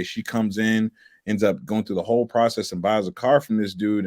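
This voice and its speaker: A man, a car salesman guest on a podcast, telling animated stories and acting out quotes in a casual chat. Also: on the low side, brisk, dry recording, clean studio sound.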